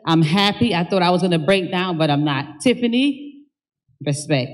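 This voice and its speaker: A woman's voice: fairly low pitch, lively intonation, moderate pace. A woman speaking as the daughter at a memorial service, giving a heartfelt eulogy and then thanking the gathered mourners, emotional and stumbling over her words at times.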